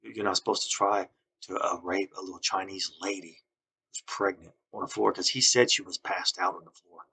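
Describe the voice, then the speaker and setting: A man recording a rambling, halting monologue full of accusations and restarts. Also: sits low, steady tone, gravelly, pushed and bright, a little hiss or hum. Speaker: vlogger.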